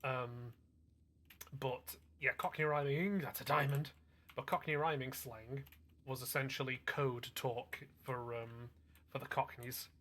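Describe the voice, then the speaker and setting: A man's voice: mid-range voice, fairly even intonation, a little slow, fairly bright tone. A man from England, chatting casually while streaming a game and explaining things in rambling, filler-heavy asides. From Northwest England. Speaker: gaming streamer. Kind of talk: casual gameplay chat.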